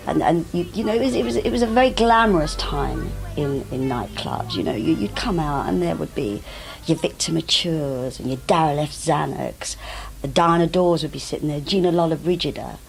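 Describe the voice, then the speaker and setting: An older woman telling lively stories about her stage career, often acting out the voices of other people. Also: low-pitched, moderate pace, gravelly, soft background music, poor audio. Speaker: interviewee, actress recalling her career. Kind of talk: anecdotal reminiscing. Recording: old VHS broadcast tape.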